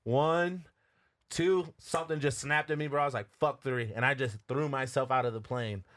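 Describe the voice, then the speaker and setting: Animated laughing male storyteller. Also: medium pitch, normal speed. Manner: animated, laughs often, swears freely. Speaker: podcast co-host. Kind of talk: casual storytelling.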